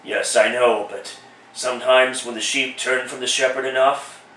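A man voicing a solemn male ghost of the present in a low, preachy, deliberate voice. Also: fairly even intonation, sharp tone, lightly acted. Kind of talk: one-man comedic radio play. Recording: roomy echo, distant mic.

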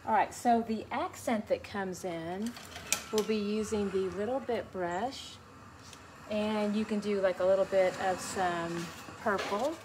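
Noticeable background noise accompanies a woman teaching beginners to paint in a relaxed, step-by-step tutorial. She talks through each brushstroke in a chatty, encouraging manner, at a medium pitch with fairly even intonation and a slightly slow pace.

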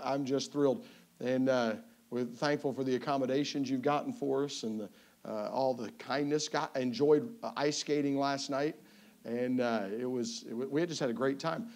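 A man's voice: medium pitch, a little mellow. A man from Tennessee with a Southern accent, a visiting evangelist opening a sermon in a church in a folksy, joking way, often stumbling and restarting. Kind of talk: sermon introduction. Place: church sanctuary.

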